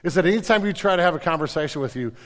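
Animated pastor preaching in a reverberant hall. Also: male voice, on the high side, racing. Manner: animated, mimicking people, many stammered restarts. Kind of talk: sermon.

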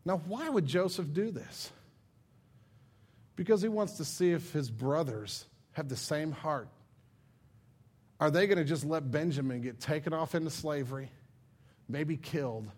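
A man preaching a sermon, retelling a Bible story in a lively, casual way and acting out the characters' lines. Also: fairly high pitch, unhurried, pauses often, breathy edge.

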